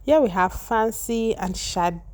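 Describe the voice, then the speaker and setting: A woman's voice: fairly high pitch, unhurried. A woman giving chatty, opinionated voice-over commentary as a celebrity gossip vlogger. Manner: gossipy, conversational, opinionated asides.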